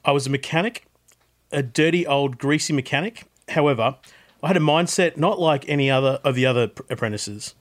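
A man's voice: mid-range voice, brisk, natural voice. A man reading a listener's story in a put-on Australian accent, voicing a blunt ex-mechanic turned salesman. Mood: earnest.

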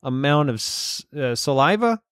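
A man's voice: mid-range voice, very animated, moderate pace, fairly bright tone, clear, resonant tone, no echo, studio quality. A man co-hosting a comedy podcast in casual chat, wry and playful with wordplay, on a remote call mic. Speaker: podcast co-host.

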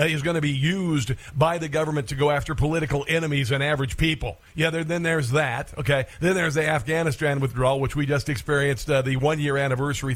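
A man hosting a talk radio show, delivering an emphatic, sarcastic opinion monologue with rapid asides. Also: a little high.

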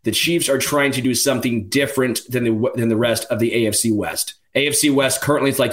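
A man co-hosting a sports podcast, making his case in quick, casual argument with some repeated words. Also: mid-range voice, fairly bright tone. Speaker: podcast co-host.

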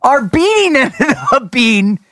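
A man co-hosting a podcast, telling a story in an animated, emphatic way. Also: very high voice, slow pace, no echo, studio quality. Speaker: podcast co-host. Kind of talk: casual storytelling chat.

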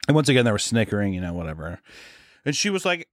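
A man co-hosting a podcast, telling animated, profane stories in casual banter and laughing often. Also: fairly low pitch, fast, dry recording, studio quality. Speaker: podcast co-host.

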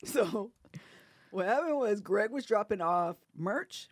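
A woman co-hosting a podcast, telling a story in a casual, animated way and laughing often as she acts out what people said. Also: medium pitch, slow, breathy edge, no echo, studio quality. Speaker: podcast co-host.

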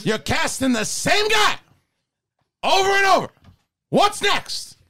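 A man doing a shouting ranting old movie star. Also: extremely high pitch, sing-song, slow pace, pitched above the performer's own voice, heavily acted. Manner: shouting, ranting, sudden bursts. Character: loud exasperated older male movie star. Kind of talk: comedic impression.

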